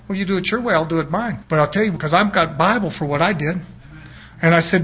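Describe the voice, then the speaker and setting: A man's voice: high voice, fast talker, fairly bright tone, slightly rough. A middle-aged man preaching a sermon in a folksy, emphatic way, often prodding listeners with rhetorical questions.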